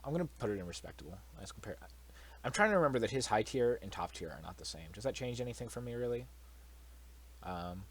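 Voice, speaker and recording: Animated young man, blunt and sweary. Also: fairly low pitch, slightly rough. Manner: blunt, swears freely, animated incredulous outbursts. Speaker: commentator. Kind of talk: casual solo commentary.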